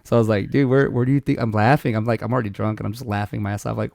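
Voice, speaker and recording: Podcast co-host, male, brisk gravelly delivery, lively anecdotal storyteller, dry close sound. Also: medium pitch, dry recording. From Mexico. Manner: animated storyteller, acts out voices, laughs a lot. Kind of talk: casual chat, storytelling.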